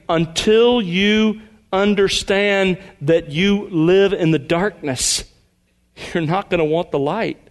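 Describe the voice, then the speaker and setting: A man pastor preaching a sermon, reading scripture aloud with earnest emphasis. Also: high voice.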